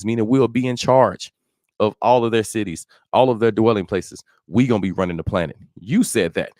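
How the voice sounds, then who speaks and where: This Bible teacher speaks quickly in a fairly low, slightly mellow voice, recorded in a church with no echo and studio clarity. He works through a psalm one verse at a time, casual in tone, frequently checking in with "you know what I'm saying?"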